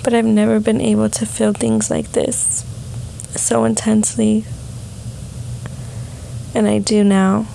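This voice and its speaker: A young woman vlogging a soft, heartfelt personal reflection on emotions. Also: medium pitch, little pitch movement, takes it slowly, gravelly, long pauses, a little hiss or hum, low-quality recording.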